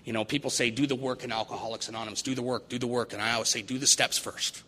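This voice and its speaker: A man gives an earnest recovery meeting talk and drives points home by repeating phrases. His voice is bright and forward. It rings with long reverb in a large hall, over a faint noise floor. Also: mid-range voice, flat delivery, very fast.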